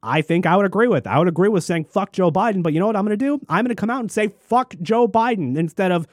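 A man in a furious, profanity-laden political rant, heaping scorn on his targets. His voice sits a little high. The sound is dry and close, with no room around it. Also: lively intonation, racing, dry recording. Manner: angry, profane, mocking mimicry. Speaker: commentator. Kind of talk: ranting political commentary.

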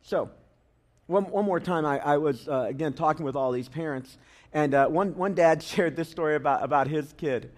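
A man's voice: a little high, moderate pace. A man preaching a sermon as a pastor, talking conversationally and telling funny stories to the congregation. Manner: conversational and humorous, tells anecdotes.

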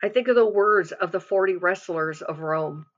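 A woman with a low voice gives an earnest devotional testimony. She exhorts her listeners and repeats phrases to drive them home. The recording sounds dull and lo-fi. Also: normal speed. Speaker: devotional speaker.

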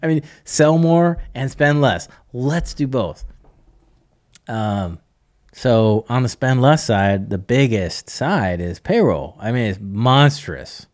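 A middle-aged man talking in a casual podcast conversation, coaching in an animated way, acting out bits of dialogue and chuckling often. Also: mid-range voice, takes it slowly, dry recording, studio quality.

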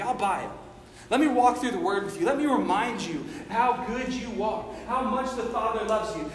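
High-voiced preacher in an echoey hall. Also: male voice. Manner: builds from quiet intimacy to shouted passion. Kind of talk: sermon. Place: church sanctuary. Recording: echoey hall with long reverb.

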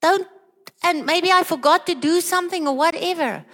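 A woman's voice: extremely high pitch, normal speed, a bit bright, in a large hall. A woman preaching a sermon, earnest and questioning, with many repeated rhetorical questions.

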